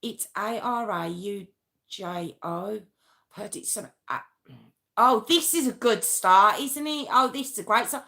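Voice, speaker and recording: A woman's voice: mid-range voice, unhurried, creaky, bright, forceful tone. A woman hosting a true crime live stream, chatting casually and rambling, often breaking off mid-sentence and answering her viewers. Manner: rambling, chatty, self-interrupting; talks straight to viewers, reacting to chat.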